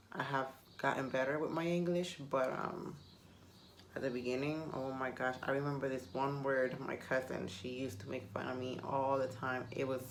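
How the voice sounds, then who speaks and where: A woman's voice: extremely low pitch, a little hiss or hum. A woman whose first language is Spanish, chatting casually to camera and rambling with self-mocking humor. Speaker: vlogger.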